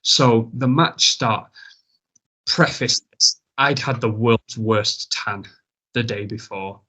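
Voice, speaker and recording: Guy rambling thru a story, laughs at himself, swears, middle pitch. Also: slow pace, sharp tone. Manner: rambling, self-mocking, swears freely. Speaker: guest wrestler. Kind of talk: casual storytelling chat.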